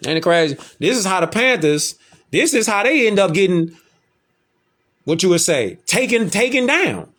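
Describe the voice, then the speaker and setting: A man's voice: fairly high pitch, a bit bright. A man lecturing his audience in an emphatic, preachy way, repeating rhetorical questions. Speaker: online lecturer. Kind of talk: preachy commentary to camera.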